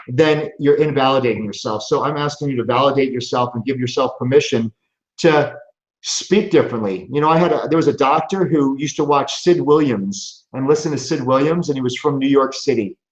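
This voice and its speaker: A man talking with earnest, preachy conviction, circling back and restarting his phrases as he builds a point. His voice sits in an echoey room. The sound is dull and lo-fi. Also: medium pitch. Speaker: chiropractor host. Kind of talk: motivational live show talk.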